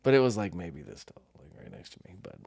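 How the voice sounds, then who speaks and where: Lively low-voiced man telling stories. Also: fast talker, creaky. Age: middle-aged. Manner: animated, laughs often while telling stories. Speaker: podcast co-host. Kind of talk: casual storytelling chat.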